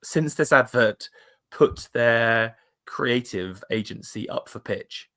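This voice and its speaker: A man's voice: medium pitch, takes it slowly, sharp tone. A man co-hosting a casual chat over a video call, reacting to adverts, stumbling over his words and laughing often. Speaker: podcast co-host.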